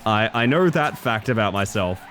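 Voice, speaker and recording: A man's voice: fairly low pitch, lively intonation, normal speed, a bit bright, slight background noise. An Australian man chatting casually with his viewers while he plays a game, muttering to himself and breaking into sudden exclamations. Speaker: streamer. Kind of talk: casual live-stream chat while gaming.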